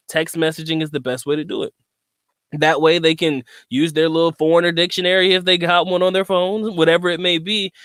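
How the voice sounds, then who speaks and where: A man's voice: sits high, fairly bright tone, dry recording, studio quality. A man from the South, giving a rambling, casual monologue to his viewers with frequent asides. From Southern United States. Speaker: vlogger.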